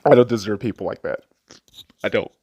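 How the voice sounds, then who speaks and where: His voice sits on the lowish side, a little fast and a little mellow, with a breathy edge. He's a late-twenties podcast host from Las Vegas, USA, swearing and repeating himself as he tears up in an emotional monologue about a personal memory.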